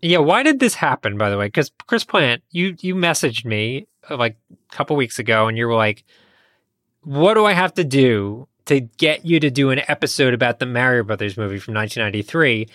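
A man co-hosts a casual podcast chat. He tells stories in a relaxed, easygoing way. His voice sits at a middle pitch, and it is recorded dry and close to the mic. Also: brisk, no echo. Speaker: podcast co-host.

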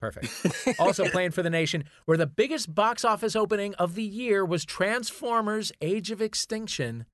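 A man's voice: high-pitched, normal speed, dry recording, clean studio sound. A middle-aged American man hosting a comedy panel show, joking with teasing asides. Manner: wry, lively and teasing, with scripted asides. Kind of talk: quick comic banter, hosting a panel.

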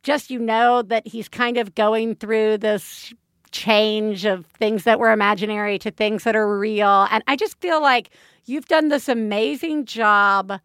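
A woman co-hosting a parenting podcast in casual chat, effusive and animated, laughing often. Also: medium pitch, clean tone, no room sound, clean studio sound. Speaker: podcast co-host.

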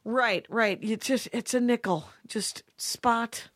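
A woman's voice: a little high, takes it slowly. A woman comedian co-hosting a podcast, chatting in a wry, casual way and laughing often. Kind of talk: casual chat.

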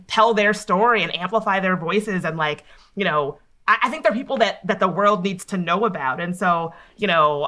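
A woman, a podcaster and guest, talking earnestly and warmly in a casual conversation. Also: medium pitch. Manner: earnest, heartfelt.

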